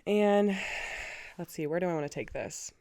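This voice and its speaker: Here a woman in her twenties, the host of her own podcast, shares something personal in an emotional, chatty, candid way, leaning often on "like" and "you know." She has a warm tone, fairly low pitch and normal speed.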